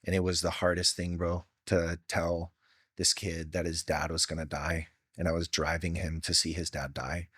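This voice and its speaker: A man's voice: low voice, flat delivery, normal speed, fairly bright tone, breathy edge, dry recording, clean studio sound. A middle-aged man from Hawaii, a podcast guest telling personal stories in an earnest, heartfelt way with casual slang. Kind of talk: candid storytelling.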